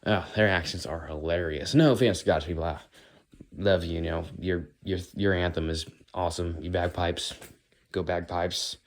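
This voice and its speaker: A man's voice: low-pitched, normal speed. An American man rambling casually in a walk-and-talk monologue, musing as he goes. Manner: rambling, musing, does playful accent impressions. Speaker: vlogger.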